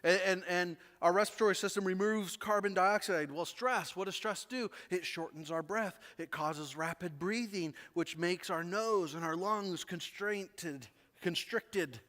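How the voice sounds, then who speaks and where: Animated high-voiced male preacher. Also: unhurried, long reverb tail. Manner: animated, repeats words, asks the congregation questions. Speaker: pastor. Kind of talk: sermon. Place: church sanctuary.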